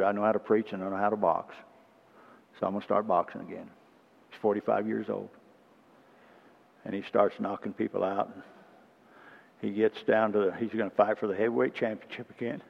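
Gravelly preacher telling stories in a hall. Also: male voice, mid-range voice. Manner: storytelling with asides and frequent throat clearing. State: emotional. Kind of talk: sermon. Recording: muffled recording with long reverb.

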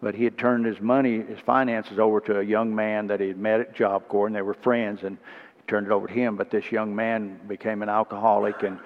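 A man preaching a sermon, telling stories with asides and clearing his throat often, sounding emotional. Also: fairly low pitch, level tone, fairly quick. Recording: muffled recording with long reverb.

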